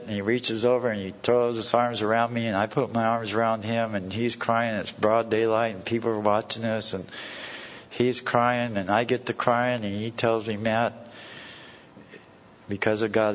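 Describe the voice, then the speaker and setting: A man telling a personal story to a recovery meeting in blunt, folksy words with plain slang. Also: medium pitch. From California. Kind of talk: personal story told to a live audience. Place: meeting hall. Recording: dull old tape recording with long hall reverb.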